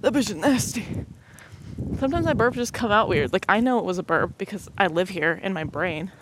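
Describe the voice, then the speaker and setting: A woman's voice: mid-range voice, expressive, fairly quick. A young woman with a cold talks into a headset mic as she walks, short of breath and sniffly. Her chat is loose and self-mocking, with jokes at her own expense. Passing cars and wind hiss faintly behind her. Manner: self-deprecating, joking, scattered. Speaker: podcast host. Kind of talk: rambling solo podcast chat. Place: outdoors on a windy street while walking. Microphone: headset mic on headphones.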